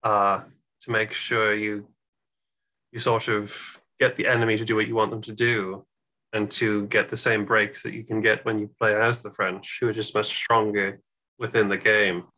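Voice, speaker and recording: A man with a fairly low but bright, forceful voice talks casually as a podcast guest about a strategy game. He often hesitates, filling pauses and restarting his sentences as he thinks. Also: level tone, rough recording. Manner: chatty, hesitant fillers. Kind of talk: casual discussion while playing.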